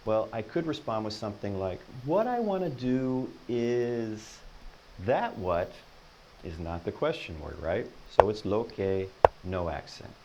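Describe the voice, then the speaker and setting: A man teaching a Spanish lesson, patiently explaining and repeating each example sentence slowly and encouragingly. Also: deep voice, expressive, highs cut off, background noise.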